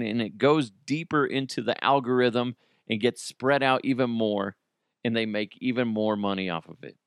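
A man hosts his own solo podcast, rambling casually in a mid-range, somewhat bright and smooth voice. He pokes fun at himself, laughs often and slips into silly voices, all captured in a dry, studio-quality recording.

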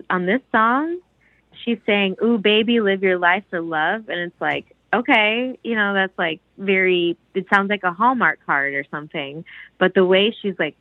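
A woman's voice: mid-range voice, no room sound, narrow, tinny audio. A woman gushing about a song in casual podcast chat, rambling with lots of "like"s and restarts.

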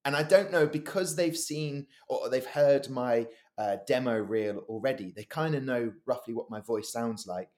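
A man's voice: medium pitch, moderate pace, few pauses. A man, a voice-over artist co-hosting a podcast, telling stories casually and acting out quoted lines. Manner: lively storyteller, acts out quoted lines. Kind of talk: casual chat.

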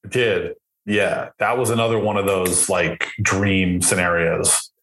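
A man telling stories as a guest on an interview podcast, acting out the people he quotes in a lively way. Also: low-pitched, takes it slowly. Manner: lively storyteller who acts out the people he quotes. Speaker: guest producer of prank shows. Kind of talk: casual storytelling interview. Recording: echoey room.

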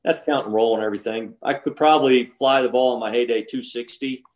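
A man's voice: mid-range voice, quick pace. A man in his sixties, a former pro golfer co-hosting a casual chat, telling stories with frequent restarts. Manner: rambling storyteller with frequent restarts.

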